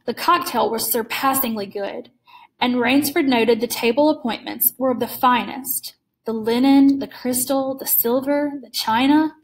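A woman reading a classic short story aloud in a measured, clear storytelling manner. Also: a little high, rough recording. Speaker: reader.

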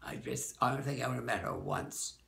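Gravelly older man, rambling memories. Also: mid-range voice, sharp tone, roomy sound. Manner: rambling, self-correcting, halting recall. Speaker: dance teacher. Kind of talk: oral-history reminiscence.

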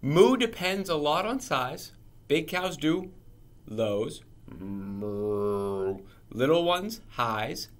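A man reading a children's picture book aloud in a playful, animated way. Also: on the high side, takes it slowly, a little hiss or hum. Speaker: storybook reader.

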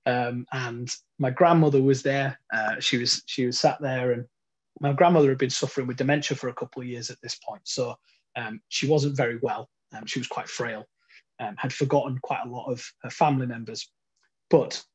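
A man's voice: mid-range voice, a little mellow, husky, highs cut off. A middle-aged man from the UK giving an earnest, reflective personal testimony from his front room at home. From United Kingdom. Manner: reflective and earnest, with frequent ums. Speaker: speaker sharing his life story.

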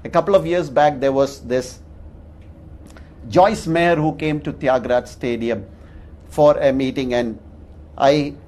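A man's voice: medium pitch, darkish tone. A man, a pastor preaching a sermon and telling stories with chuckles at his own anecdotes.

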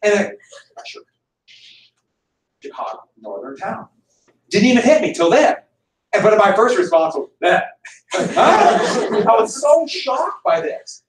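Middle-aged American history teacher, high, lively voice, mic-distant classroom sound. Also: male voice, a little slow, a little hiss or hum. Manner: animated, jokey storyteller with laughs. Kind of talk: classroom lecture with storytelling. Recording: roomy classroom audio from a distance.

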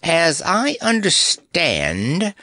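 A croaking, fussy bird from a storybook, his voice pushed high and darting around, as a man puts him on. He sniffles and fusses in slow, drawn-out phrases. The recording is close and dry. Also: huge pitch swings, pushed and bright, no room sound, heavily acted. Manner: croaking, frantic.

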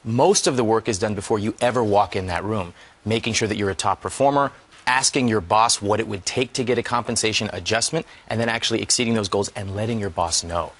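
A man appearing as a guest on a television interview, giving quick, confident advice. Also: on the low side, fairly bright tone.

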